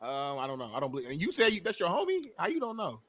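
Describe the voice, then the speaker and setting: Quick high-voiced man scolding his co-host. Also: wildly swooping pitch, a bit bright. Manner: fast, scolding, pushes back with "homie". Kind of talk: casual debate chat.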